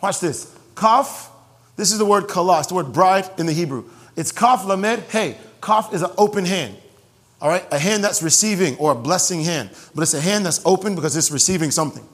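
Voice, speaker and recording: Pastor guy preaching, kinda high voice, big hall echo, repeats stuff and cracks jokes. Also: brisk. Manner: animated, repeats phrases for emphasis, jokes with congregation. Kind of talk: sermon. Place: church sanctuary. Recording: long hall reverb.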